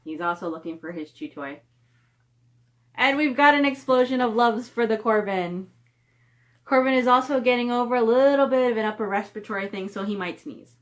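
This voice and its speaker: A woman's voice: a little high, normal speed, pauses often. A middle-aged woman chatting casually on a live stream from home, reading viewer comments aloud and cooing at her dog. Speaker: author hosting a live stream.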